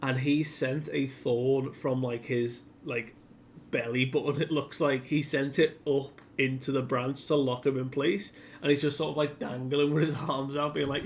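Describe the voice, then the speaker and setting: A man recapping a manga chapter in a casual, animated way, with many filler "like"s. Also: mid-range voice, normal speed, a little hiss or hum. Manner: animated retelling full of filler "like".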